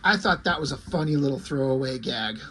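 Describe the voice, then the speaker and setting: A man's voice: mid-range voice, animated, brisk, sharp tone, slight background noise. A man casually recapping a comic book issue in a loose, chatty way with plenty of fillers.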